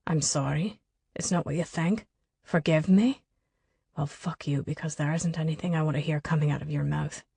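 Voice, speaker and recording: A woman reading an audiobook voices a guarded, angry young man who speaks low and harshly, often under his breath. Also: fairly even intonation, moderate pace, warm tone, slightly rough, no room sound, exaggerated voice. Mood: seething, hushed. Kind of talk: audiobook character voicing.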